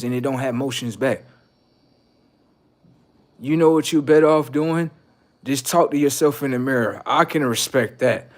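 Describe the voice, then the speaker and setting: A man livestreaming blunt, profane relationship advice, lecturing viewers as "sir" and swinging between loud outbursts and low mutters. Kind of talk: casual livestream monologue.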